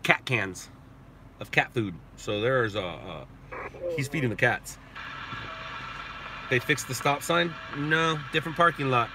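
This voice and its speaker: A man's voice: mid-range voice, animated, unhurried, long pauses. A man hosting a live stream, chatting and joking in a rambling way while driving at night. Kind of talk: casual chat while driving. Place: inside a car at night. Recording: road and car noise behind.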